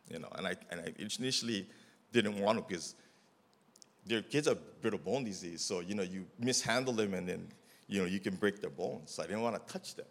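A man's voice: low voice, a little fast. A middle-aged man telling a casual testimony about volunteer work, rambling with many fillers and acting out the dialogue as he goes. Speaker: mission trip volunteer giving a testimony.

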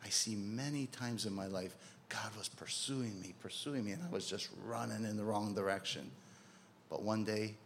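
A man's voice: fairly low pitch, steady tone, normal speed, a little hiss or hum. A man preaching a sermon in a conversational way, asking rhetorical questions and acting out quotes. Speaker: pastor.

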